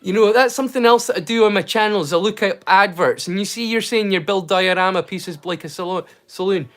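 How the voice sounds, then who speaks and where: A man's voice: high voice, fairly quick. A man with a Scottish accent, hosting a casual livestream and chatting in a rambling way, full of restarts and slang. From Scotland. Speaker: livestream host. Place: home in rural Scotland.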